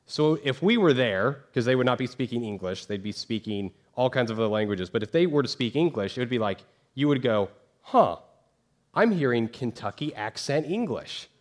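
A man's voice: medium pitch, expressive, fairly quick, few pauses. A pastor giving a casual, conversational sermon to his congregation, full of fillers and rhetorical questions.

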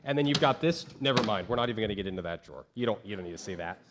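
A man preaching a sermon as pastor from a church stage, lively, acting out the voices of the people he describes. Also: fairly low pitch, very fast, noisy background. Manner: animated, acts out quoted voices of churchgoers.

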